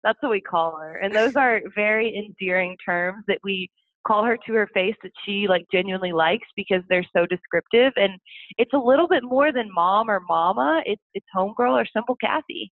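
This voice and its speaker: A woman's voice: medium pitch, moderate pace, no echo. A woman guest telling family stories in a chatty way, laughing often. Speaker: interview guest. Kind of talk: casual storytelling. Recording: phone-like dry sound.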